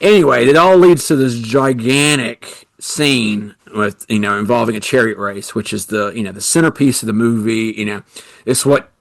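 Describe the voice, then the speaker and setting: A man's voice: medium pitch, normal speed, gravelly, no echo. A man co-hosting a podcast, chatting casually and rambling with lots of fillers. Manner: rambling, many "you know" fillers. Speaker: podcast co-host. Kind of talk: casual chat.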